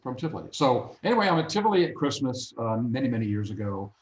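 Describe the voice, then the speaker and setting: A man telling lively anecdotes as a guest in a casual interview, acting out little voices along the way. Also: mid-range voice, quick pace. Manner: animated, acts out voices in anecdotes. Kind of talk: casual storytelling. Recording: roomy echo.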